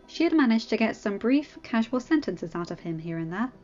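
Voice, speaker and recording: A woman reading fanfiction aloud as a narrator, with expressive storytelling. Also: fairly high pitch, fairly quick, muffled recording, soft background music. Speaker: audiobook reader.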